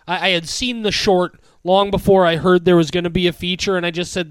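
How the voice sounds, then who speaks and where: High, smooth-voiced male podcast co-host. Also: steady tone, fairly quick, few pauses, no room sound. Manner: swearing, rambling with many fillers. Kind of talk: casual chat.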